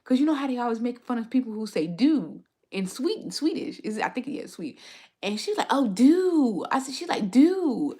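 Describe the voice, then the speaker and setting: A woman's voice: fairly high pitch, sing-song, a little fast, a little mellow, breathy edge. A young woman chatting casually on a livestream, rambling through stories with frequent restarts. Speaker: food and travel content creator streaming live.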